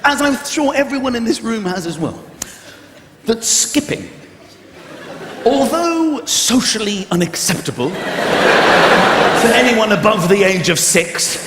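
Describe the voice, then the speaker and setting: A comedian performs live on a large theatre stage, his fairly high voice leaping about as he acts out little scenes. The sound rings around a roomy hall, and a loud audience fills the space behind him. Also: a little slow, long pauses, over a noisy crowd, very noisy. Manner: animated, acts out characters with big shifts in voice. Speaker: stand-up comedian.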